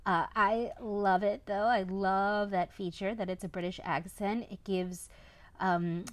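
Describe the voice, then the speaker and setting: A woman's voice: mid-range voice, steady tone, unhurried, dry recording. A woman, a parent, chatting through a casual toy review and often tagging a questioning "right?" onto her points.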